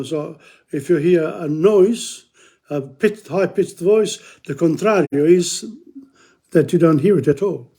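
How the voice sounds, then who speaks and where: In this informal lecture, an older man recites passages from Dante in Italian and unpacks them in English, stumbling and repeating words along the way. His voice is pitched a bit high for a male, husky and dark in tone.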